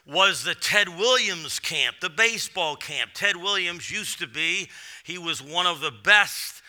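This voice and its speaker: A middle-aged man from Massachusetts preaches from a church platform. His voice sits very high and is strikingly bright and ringing, with a smooth, clear tone. He rises into shouted bursts and then drops back into quiet storytelling. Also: expressive, unhurried. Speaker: guest preacher. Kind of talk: sermon.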